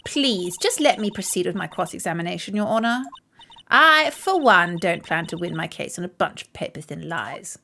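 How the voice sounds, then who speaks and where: A woman's voice: on the low side, big pitch swings, normal speed, vocal fry, bright, forceful tone, voice pushed down, heavily acted. A woman voicing a confident female defense lawyer who speaks firmly. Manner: firm, declarative.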